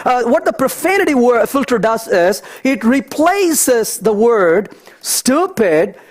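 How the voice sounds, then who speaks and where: Animated man giving a coding talk. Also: very high-pitched, slow pace. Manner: animated, storytelling asides, thinks aloud. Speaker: conference speaker. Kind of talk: technical talk with live coding.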